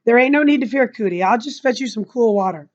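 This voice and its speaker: A woman voicing a small, polite schoolboy who stays calm and gentle. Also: a little high, fast, highs cut off, close to an everyday voice. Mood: soothing.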